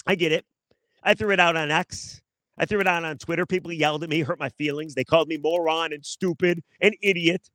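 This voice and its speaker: A man hosts a sports talk show in a sarcastic monologue, mocking himself and speaking right to his listeners. His voice sits a little high for a man. The sound is dry and close, with little room around it. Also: fairly even intonation, fast talker, bright, forceful tone, no room sound. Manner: sarcastic, self-mocking, talks straight to listeners. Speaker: sports radio host. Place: outdoors in his backyard.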